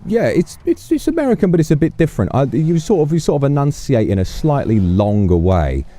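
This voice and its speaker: A man's voice: fairly high pitch, big pitch swings, fairly quick, warm tone. A man with a Cockney accent playing a police officer in an online game roleplay, chatting and musing aloud with many restarts. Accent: Cockney London.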